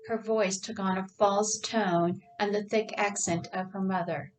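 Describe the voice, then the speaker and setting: Slow-reading woman author. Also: mid-range voice, steady tone, recorded from a distance, a little hiss or hum, low-quality recording. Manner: unhurried, plain, with small slips. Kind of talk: reading her own novel aloud.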